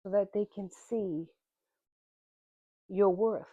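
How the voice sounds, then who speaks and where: A woman's voice: medium pitch, fairly even intonation, takes it slowly, no room sound. A woman giving a tarot reading, speaking straight to the viewer in a direct, plain-spoken way and calling them "man" and "honey". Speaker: tarot reader. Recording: tinny phone-like audio.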